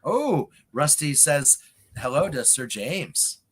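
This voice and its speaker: A man co-hosting a casual livestream, chiming in with relaxed, brief remarks. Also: a little high, slow, husky. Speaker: co-host. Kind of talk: casual live-stream chat.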